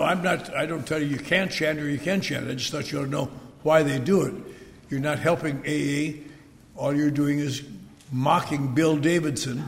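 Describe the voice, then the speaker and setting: A man's voice: on the high side, vocal fry. An older man speaking at a recovery meeting, telling wry, rambling stories with asides to the crowd. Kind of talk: personal storytelling talk. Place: large meeting hall. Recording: echoey hall recording with faint noise.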